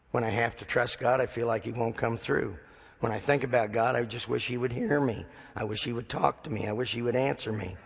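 A man's voice: mid-range voice, creaky, husky, in a large hall. A man preaching a sermon as a pastor, telling stories with dry humor and acting out the dialogue.

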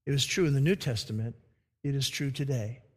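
A male pastor with a medium-pitched voice delivers a sermon, alternating between loud, emphatic passages and quiet, slow emphasis. The recording carries the long reverb of a large hall.

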